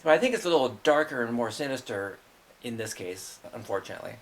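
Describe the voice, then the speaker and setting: A man's voice: mid-range voice, lively intonation, fast, background noise. A middle-aged man hosting his own show, telling blunt, profane family stories and laughing through them. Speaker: show host. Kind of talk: rambling personal storytelling.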